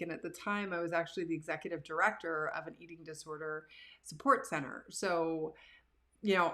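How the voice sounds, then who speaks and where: A woman, hosting a live show from her living room and telling stories about herself in a casual, animated, self-deprecating way. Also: on the low side. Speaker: livestream show host. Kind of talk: casual storytelling to live viewers.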